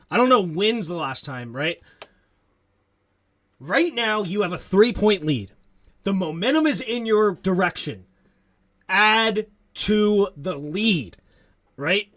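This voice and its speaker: A man hosting a live sports stream, calling plays and reacting excitably to chat comments. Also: sits high. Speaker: host of a sports talk stream. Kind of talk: live play-by-play and fan commentary.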